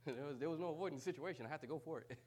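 A man preaching a sermon with humorous asides, swinging from hushed whispers to loud, impassioned shouts. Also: a little high, rapid-fire.

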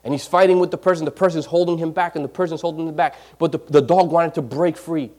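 High-voiced man preaching with rising intensity. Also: steady tone, quick pace. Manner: swells loud and high for emphasis, then drops to near whispers; repeats phrases, occasional stumbles. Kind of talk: sermon.

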